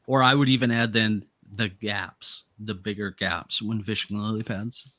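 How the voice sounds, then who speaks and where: A man's voice: fairly low pitch, steady tone, unhurried, pushed and bright, dry recording. A man co-hosting a live fishing stream, chatting casually and telling rambling stories. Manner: storytelling, rambling. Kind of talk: casual chat.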